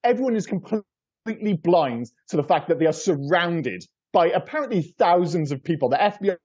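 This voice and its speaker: A man's voice: sits high, animated, fairly quick, darkish tone, dull audio. A man co-hosting a casual film review podcast, rambling and repeating words as he talks, with casual swearing. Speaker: podcast co-host.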